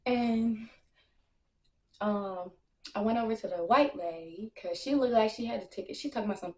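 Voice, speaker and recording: A young woman telling a casual storytime, brash and animated, full of slang and profanity, acting out what others said. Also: medium pitch, normal speed. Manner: acts out other people's lines in quotes. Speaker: storytime vlogger. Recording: echoey room.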